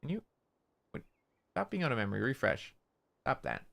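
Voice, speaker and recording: A man's voice: medium pitch, sing-song, a little fast, vocal fry, a bit bright. A man chatting casually on a gaming stream, rambling through funny stories with lots of laughing and swearing. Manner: rambling, laughing storyteller who swears a lot.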